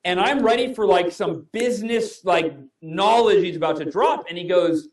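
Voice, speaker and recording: A man in his thirties, a guest in an interview, telling a personal story in a lively way and acting out the dialogue. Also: sits high, normal speed, hardly any pauses. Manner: animated, acts out quoted dialogue. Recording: echoey room, voice from far off.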